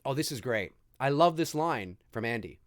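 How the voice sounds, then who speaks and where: A man hosting a live movie commentary, talking in an animated, enthusiastic and rambling way. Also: medium pitch, normal speed. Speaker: host.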